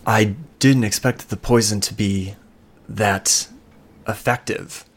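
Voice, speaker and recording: Man playing a gentle female healer, calm and reassuring, low voice, tabletop game. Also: slow. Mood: surprised.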